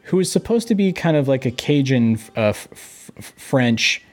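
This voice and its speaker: A man's voice: medium pitch, lively intonation, moderate pace, faint music behind. A man co-hosting a podcast in casual chat, hesitant and filled with ums. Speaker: podcast co-host.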